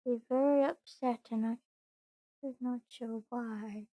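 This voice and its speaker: A woman streaming from home, chatting casually and cooing to her pet in soft baby talk. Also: on the high side, steady tone, slow, dry recording, muffled recording. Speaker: VTuber streamer.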